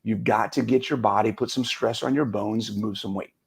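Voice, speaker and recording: A man with a gravelly, slightly husky voice explains exercise to fellow guests. He talks in an energetic, teaching way. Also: fairly low pitch, normal speed. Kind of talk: casual panel chat.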